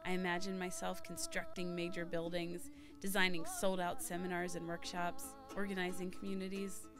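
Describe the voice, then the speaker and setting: A woman's voice: fairly low pitch, little pitch movement, normal speed. Woman narrating a story over music. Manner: earnest storytelling, shouting the quoted cries. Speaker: former volunteer telling a story. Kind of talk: scripted personal narration.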